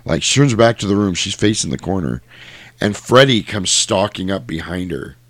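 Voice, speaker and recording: Man, low voice, casual movie recap, animated retelling, dry close sound. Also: normal speed, no echo. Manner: animated retelling, acting out lines. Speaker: podcast co-host.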